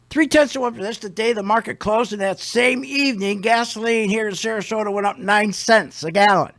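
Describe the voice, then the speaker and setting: A man's voice: high-pitched, expressive, moderate pace, fairly bright tone. An older man hosting a radio show, ranting in a blunt, indignant, rambling way.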